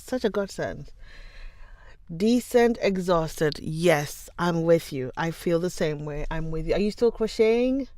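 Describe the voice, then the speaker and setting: Hosting a livestream, a young Twi-speaking woman chats loosely with her live viewers, laughs a lot, and calls them by name. Her voice is lowish and mellow, captured as a dry, clean studio recording.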